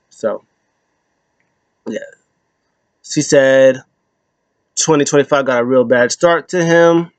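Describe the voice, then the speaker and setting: A man's voice: mid-range voice, slow, pauses often, dry recording. A man casually recapping a wrestling show, rambling with plenty of fillers and retelling what was said. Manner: rambling, retells lines in quotes, many fillers.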